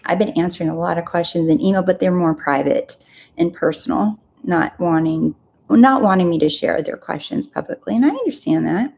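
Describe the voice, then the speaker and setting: A woman's voice: on the low side, fairly quick, gravelly, darkish tone. A woman hosting a live coaching talk, earnest and encouraging, often repeating her phrases. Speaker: host.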